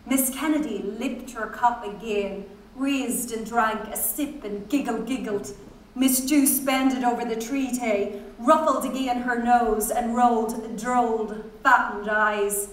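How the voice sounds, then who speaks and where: A woman's voice: a little high, unhurried. A woman giving a dramatic, rhythmic literary reading on stage. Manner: musical, rhythmic, playing with sounds. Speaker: stage reader. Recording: very echoey hall, distant mic.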